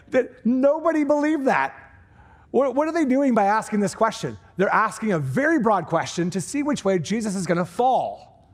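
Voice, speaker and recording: A man with a high, light voice preaches to a church congregation. He keeps the delivery conversational and breaks into animated asides as he explains the passage. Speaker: pastor. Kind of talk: sermon. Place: church sanctuary.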